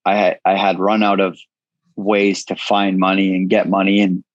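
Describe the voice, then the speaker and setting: A man's voice: low-pitched, monotone, moderate pace, no echo, dull audio. A man in his thirties, a guest in an interview, telling his story frankly and casually, swearing freely. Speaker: guest, entrepreneur.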